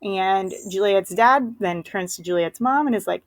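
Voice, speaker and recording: A woman's voice: medium pitch, moderate pace, few pauses, no room sound, poor audio. Chatty woman teacher, dry sound. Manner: chatty, many "like" and "um" fillers. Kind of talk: casual lesson summary.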